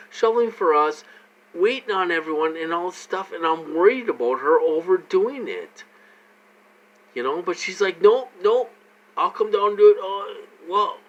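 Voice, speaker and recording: A man's voice: mid-range voice, a bit bright, highs cut off. A man in his forties venting in a personal vlog, repeating himself, agitated and full of restarts and fillers. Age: 40s. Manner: agitated, repetitive ranting. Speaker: vlogger.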